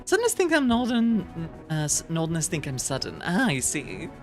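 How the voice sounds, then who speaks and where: With a lowish voice full of huge pitch swings, a woman streamer reads viewer messages at a moderate pace. Her casual chat is giggly and rambling, with frequent restarts, over quiet background music.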